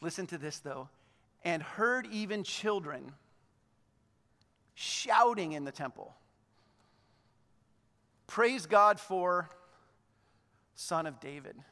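A man preaching a sermon, animated, acting out the lines of the figures he talks about. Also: unhurried, long pauses, long reverb tail. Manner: hushed, low voice in prayer. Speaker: pastor.

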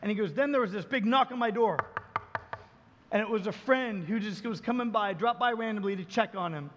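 A man, a pastor, preaching a sermon and telling a story, acting out the dialogue and dropping his voice low and soft for emphasis. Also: fairly quick, in a large hall, muffled recording, slight background noise.

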